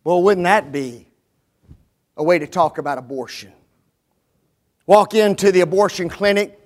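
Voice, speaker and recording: A man's voice: high-pitched, measured pace, long pauses. A man preaching a sermon, driving his points home with emphatic rhetorical questions.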